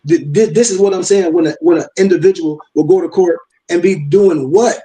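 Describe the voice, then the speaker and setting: An older man hosts a casual live-stream discussion, his voice sitting high, mellow, and a little fast. He's emphatic and preachy, firing off rhetorical questions and repeating himself. The recording is rough, coming through a video call microphone.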